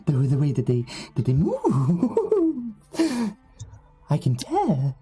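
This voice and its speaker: A man voicing an excitable hunchbacked male scholar who talks in a high, giggly, stammering rush. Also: takes it slowly, slightly rough, faint music behind, full character voice. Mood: excited.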